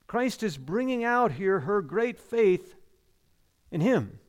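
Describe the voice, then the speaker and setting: A man with a high-pitched voice preaching a sermon. He leans hard on key words and repeats them for weight. Then he lets phrase endings fall low and soft. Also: big pitch swings, slow pace.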